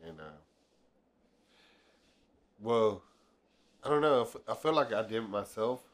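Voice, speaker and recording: A man, an actor guest on a podcast, talking casually and hesitantly with many pauses. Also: fairly low pitch. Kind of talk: casual chat.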